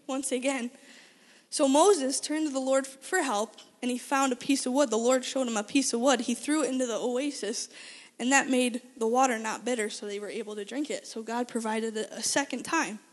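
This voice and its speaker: Retelling Bible stories in a relaxed lesson, a high-voiced woman teacher brings lively energy, tripping over and restarting phrases while throwing questions to the audience. A long, big-hall reverb rings around her.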